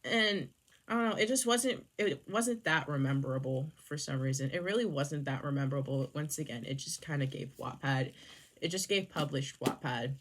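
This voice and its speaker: A woman's voice: sits low, moderate pace, slight background noise. A young woman reviewing books in a sarcastic, rambling, casual chat full of swearing. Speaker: book reviewer.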